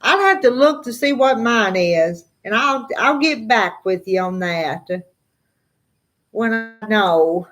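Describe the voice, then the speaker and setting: A woman's voice: a little high, expressive, a bit bright. A middle-aged woman with a Southern drawl, chatting casually with viewers on a live stream and reading out their comments. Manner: slow drawling, chatty, often laughs. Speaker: farm vlogger answering live chat.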